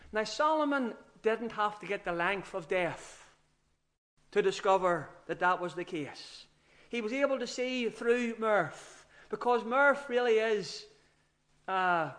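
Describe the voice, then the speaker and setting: A man's voice: high voice, a bit bright. A man preaching an earnest, emphatic sermon with rising outbursts.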